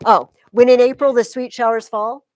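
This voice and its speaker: A woman teaching high school English, talking her class through poetry in a loose, chatty way. She sounds close and dry in the classroom. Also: steady tone, moderate pace, darkish tone, dry recording, dull audio. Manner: chatty, explains with sing-song rhythm examples. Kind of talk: classroom lecture.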